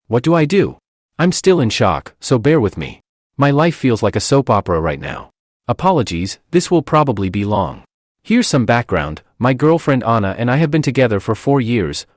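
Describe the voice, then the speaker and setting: A man's voice: medium pitch, no echo, studio quality. A man giving a scripted narration of an online post, reading it expressively. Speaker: story narrator.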